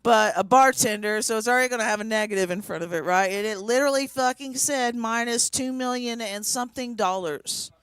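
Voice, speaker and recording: Woman in her 40s doing standup, smooth clear voice, dry close mic, chatty storytelling w deadpan punchlines. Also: a little high, fairly quick, few pauses, dry recording. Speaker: stand-up comedian. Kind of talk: stand-up set. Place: small comedy venue.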